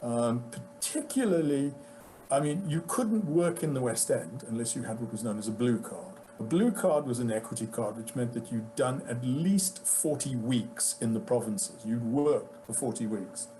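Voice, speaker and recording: A British man, an actor, telling casual anecdotes about his career with animated delivery, acting out the lines of people he quotes. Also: medium pitch, normal speed, faint music behind, low-quality recording. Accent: British English. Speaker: guest actor. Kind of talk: casual storytelling.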